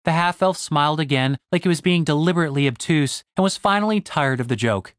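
A man reading a fantasy novel aloud in a steady storytelling voice. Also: a little high, a little fast, hardly any pauses, no echo, clean studio sound. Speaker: audiobook narrator. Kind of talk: scripted fantasy narration.

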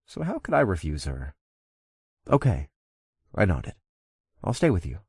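A man's voice: low-pitched, huge pitch swings, measured pace, a little mellow, breathy edge, dry recording, studio quality. A young man narrating a first-person audiobook in an easygoing, lightly amused way, also speaking the narrator's own lines.

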